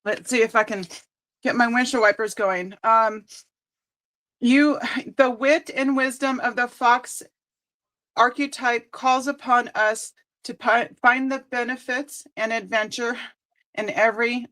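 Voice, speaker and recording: Tearful woman card reader on a live stream, high voice, slow unhurried delivery. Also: fairly even intonation, fairly bright tone, poor audio. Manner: emotional, tender, reading aloud slowly. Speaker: psychic card reader, host.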